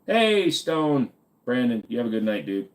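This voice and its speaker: A man's voice: medium pitch, big pitch swings, a little slow. A tired man hosting a casual live stream, rambling and joking crudely with viewers, saying he feels dizzy. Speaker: livestream host.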